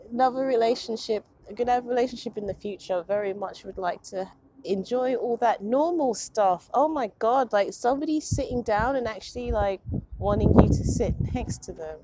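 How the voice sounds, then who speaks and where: A woman's voice: a little high, normal speed, noisy background. A young woman, chatting on her own vlog in a rambling, self-mocking way and laughing often. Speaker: vlogger. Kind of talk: casual confessional chat. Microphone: phone or low-end camera.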